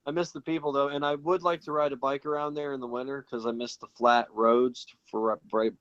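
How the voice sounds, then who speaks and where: A man's voice: mid-range voice, little pitch movement, brisk, a bit bright, dry recording, muffled recording. A man who grew up in a British household in Florida, chatting casually and teasingly as a show co-host, with a mostly American accent. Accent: American, with a put-on British voice at times. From England. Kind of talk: casual chat.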